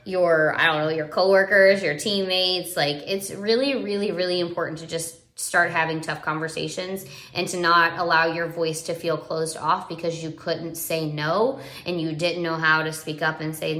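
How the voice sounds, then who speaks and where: Earnest rambling mom vlogger, bright echoey voice. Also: female voice, lowish voice, fairly even intonation, moderate pace. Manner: rambling, earnest, lots of fillers and restarts. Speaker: parenting vlogger. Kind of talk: casual live video chat. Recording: roomy echo.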